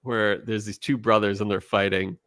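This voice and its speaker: A man co-hosting a casual podcast, animated as he tells stories and acts out what people said. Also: on the low side, normal speed, dry recording, studio quality. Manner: animated storyteller, quotes people in voices. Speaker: podcast co-host. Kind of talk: casual chat.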